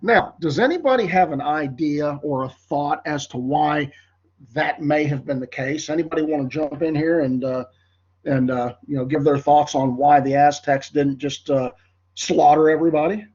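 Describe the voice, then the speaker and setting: A man's voice: a little high, moderate pace, darkish tone, highs cut off. Nasal congested male teacher lecturing. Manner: rambling, filler-heavy, addresses class as folks. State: congested, voice cracking. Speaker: history teacher. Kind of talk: classroom lecture.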